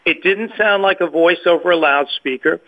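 A man's voice: a little high, moderate pace. A man giving a personal faith testimony as a guest, hesitant, often repeating and restarting his words. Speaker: guest sharing a personal story. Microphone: phone call. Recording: tinny phone line.

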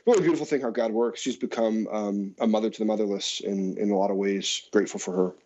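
A middle-aged man in his forties talks earnestly and reflectively as a guest pastor. His voice sits low and comes through a dull, lo-fi line. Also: fast. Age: 40s. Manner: earnest, reflective, with soft laughs. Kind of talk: conversational interview. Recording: dull lo-fi sound.

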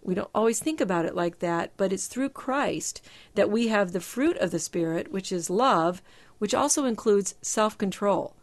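A middle-aged woman talking as a Christian psychologist, explaining step-by-step advice in a measured, emphatic teaching manner. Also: mid-range voice, animated. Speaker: Christian psychologist and show host. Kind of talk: faith-based advice talk.

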